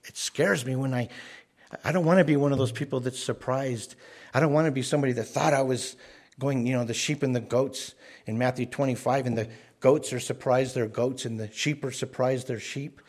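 A man's voice: mid-range voice, steady tone, brisk, darkish tone. A man preaching a sermon, earnest and often repeating words as he stresses a point. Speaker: pastor.

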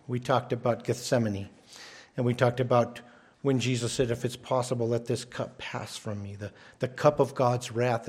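A man's voice: mid-range voice, darkish tone, husky. Emphatic male pastor preaching. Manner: emphatic, repeats words when starting phrases. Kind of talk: sermon.

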